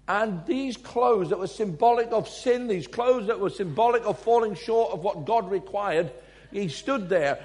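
A man from England, preaching a sermon and telling personal stories, swinging between loud emphasis and quiet asides. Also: high-pitched.

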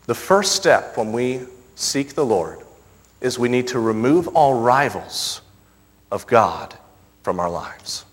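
A young man preaching a sermon, moving between loud, emphatic scripture reading and soft, intimate asides. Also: mid-range voice, lively intonation, moderate pace. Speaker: pastor. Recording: long reverb of a large hall.

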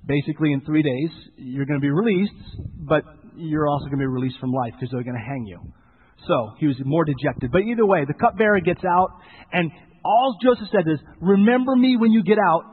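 A man preaching, animatedly retelling a story and slipping into the voices of its characters. His voice sits a little high and comes through husky. The recording is thin and tinny, like a phone line. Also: brisk, in a large hall. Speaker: pastor. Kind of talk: sermon retelling a Bible story.

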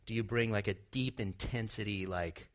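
A man with a fairly low voice delivers a sermon. He teaches earnestly, posing rhetorical questions to his listeners and letting slip the occasional light laugh. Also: moderate pace. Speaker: pastor.

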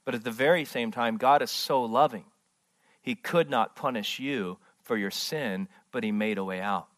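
A man preaching a sermon in a church as pastor, impassioned and repetitive, swinging from loud emphasis to hushed tones. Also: medium pitch, moderate pace. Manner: repeats words, restarts phrases.

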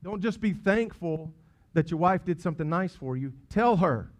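A man preaching a sermon, earnest and emphatic, swinging between loud peaks and hushed asides. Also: a little high, animated, normal speed. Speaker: pastor. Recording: dull lo-fi sound.

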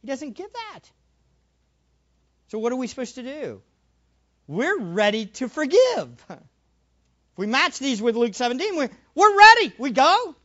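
A male preacher giving a sermon, animated, acting out little scenes and repeating phrases for emphasis. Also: very high-pitched, unhurried, pauses often, lo-fi sound.

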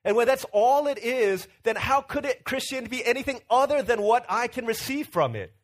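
A male pastor with an extremely high voice preaches a casual sermon in an animated, brisk way. He tells stories, acts out quotes playfully and uses a lot of fillers.

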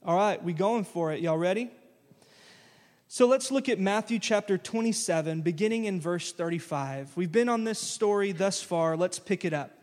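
A male pastor delivers a lively, conversational sermon, dropping into casual phrases as he works through a scripture reading. His voice sits high and moves at a moderate pace, with long church-hall reverb on the recording.

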